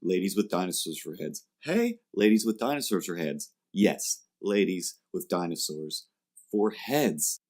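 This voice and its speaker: Male podcast host, low voice, animated comic storyteller. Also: measured pace. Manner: animated, acts out quoted customers in jumpy voices. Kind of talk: comedic storytelling chat.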